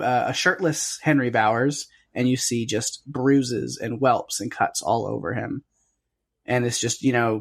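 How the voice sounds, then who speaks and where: A man co-hosting a podcast in casual chat, retelling scenes with lively quoted lines. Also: medium pitch. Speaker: podcast co-host.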